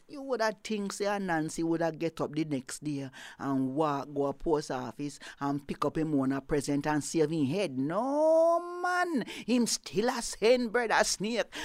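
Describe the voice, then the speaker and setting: A woman with a Jamaican accent telling an Anansi folk tale in patois, dramatic and lively, dropping into hushed whispers. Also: on the low side, gravelly, slight background noise. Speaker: storyteller.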